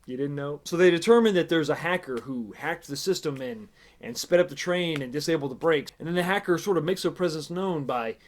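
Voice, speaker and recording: A man's voice: on the high side, brisk. A man casually reviewing a TV episode in a sarcastic, exasperated, rambling way. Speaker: TV show reviewer.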